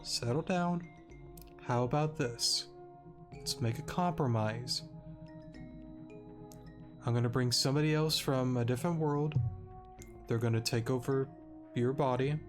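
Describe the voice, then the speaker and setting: A man's voice: medium pitch, a little slow, pauses often, soft background music, natural voice. A man putting on a coaxing female spirit.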